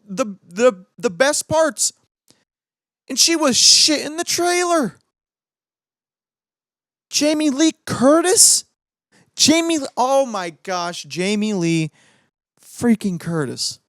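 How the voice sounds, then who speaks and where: A young man hosting a podcast, ranting excitably about movies with swearing and gloating. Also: very high-pitched, takes it slowly, pauses often, no echo, clean studio sound. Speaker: podcast host. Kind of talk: casual ranting commentary.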